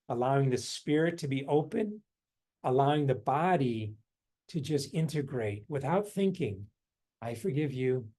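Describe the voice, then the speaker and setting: A man with a fairly high voice teaches a guided meditation practice. He rambles gently, chuckles often, and drops into soft, quiet repetitions of simple phrases. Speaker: workshop leader. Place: a room indoors.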